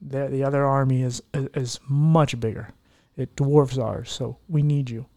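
Man, podcast host, earnest, heartfelt, rambling casual chat, mid-pitched voice. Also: fairly even intonation, measured pace, mellow.

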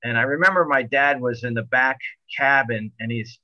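A middle-aged man telling a long boating story in a rambling, animated way, full of restarts. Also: medium pitch, moderate pace, no room sound, muffled recording. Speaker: guest telling a sailing story. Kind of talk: casual storytelling.

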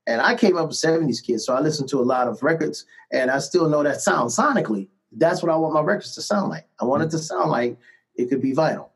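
A middle-aged man recounts his career as a musician in a relaxed interview. His voice sits a little high for a man, and he tells his stories with animation, often laughing and checking in with "right?" along the way. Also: fast talker, vocal fry, poor audio. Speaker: musician guest. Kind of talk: casual storytelling interview.

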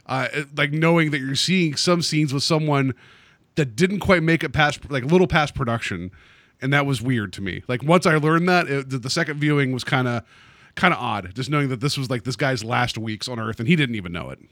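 A man's voice: mid-range voice, brisk, a bit bright, no echo. Joking man on a dry podcast mic. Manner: rambling, joking, self-correcting. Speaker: podcast co-host. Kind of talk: casual chat.

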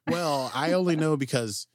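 A man co-hosting a podcast, recapping episodes in casual, animated chat. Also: fairly high pitch, no echo, clean studio sound. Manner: animated, jumps into quoted character voices. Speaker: podcast co-host.

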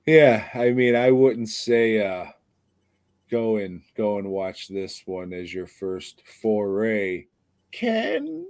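A man's voice: fairly low pitch, a little mellow, no echo. A tired man co-hosting a podcast, ranting sarcastically and profanely about a bad movie in a rambling, casual way. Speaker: podcast co-host.

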